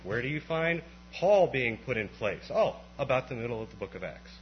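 A man preaching a conversational sermon at an evening church meeting, swinging from quiet explanation to impassioned, rising outbursts. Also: mid-range voice, expressive, moderate pace. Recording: dull lo-fi recording with faint mains hum.

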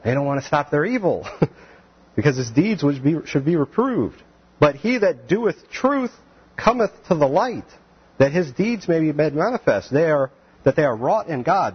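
A man teaching the Bible verse by verse, animated and acting out the voices of the people in the story. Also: mid-range voice, normal speed, breathy edge, muffled recording. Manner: animated, acts out voices of biblical figures.

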